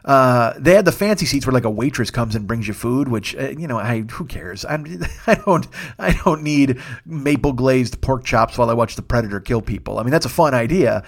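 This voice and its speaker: A comedian telling a rambling, profane story in a casual podcast monologue, acting out what others said. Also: male voice, mid-range voice, animated, brisk. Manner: rambling, profane, acts out quotes. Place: Los Angeles.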